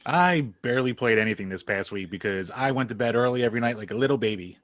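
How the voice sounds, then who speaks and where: A man's voice: mid-range voice, fast talker, fairly bright tone, no room sound. A man co-hosting a podcast in casual chat, joking wryly at his own expense. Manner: wry, self-deprecating joking. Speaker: podcast co-host.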